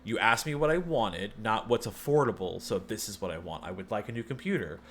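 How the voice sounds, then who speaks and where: A man chats through a long personal story on stream, doubling back and correcting himself with a wry edge. His voice sits fairly low. A faint hiss of noise runs underneath. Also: animated, a little fast, fairly bright tone. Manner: rambling, self-interrupting, wry. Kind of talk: casual storytelling chat.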